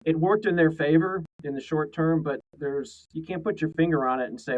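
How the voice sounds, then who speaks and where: A man's voice: on the high side, brisk, few pauses, a little mellow, muffled recording. A man co-hosting a casual trade podcast, talking in a rambling way full of restarts. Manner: rambling, many fillers and restarts. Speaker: co-host.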